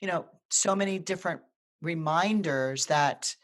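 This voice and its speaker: Co-host, mid-pitched, casual animated storyteller, trips over words and restarts a lot. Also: a little slow. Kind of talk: casual live video chat, telling a personal story.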